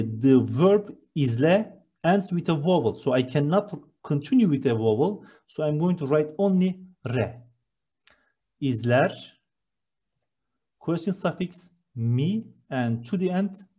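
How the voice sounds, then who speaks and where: Slow, husky-voiced teacher. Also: male voice, medium pitch, mellow. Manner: patient, explains each step while writing. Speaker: language teacher. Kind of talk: slow step-by-step grammar lesson.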